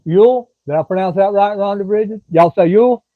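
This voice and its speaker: Southern man, middle-aged, rambling folksy live-stream host, slightly high voice, dry thin phone-like sound. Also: steady tone, brisk, dry recording. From Florida. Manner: rambling, folksy, drawling, chats to commenters by name. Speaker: livestream host. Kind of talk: casual live-stream chat with viewers.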